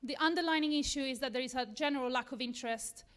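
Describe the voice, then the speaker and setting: A woman's voice: high-pitched, fast, fairly bright tone. A woman with an Italian accent giving a nervous but earnest lightning talk to a live audience. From Italy. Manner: earnest, nervous, self-deprecating. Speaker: tech talk speaker. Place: event room with a live audience.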